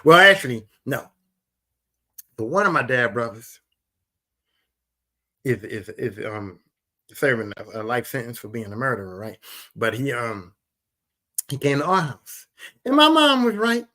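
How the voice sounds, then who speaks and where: Philly guy on a podcast, middle aged, bright voice, storytelling and repeating himself for emphasis. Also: mid-range voice, moderate pace, long pauses. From Philadelphia. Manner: animated, repetitive, emphatic retelling. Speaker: podcast host. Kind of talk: casual storytelling.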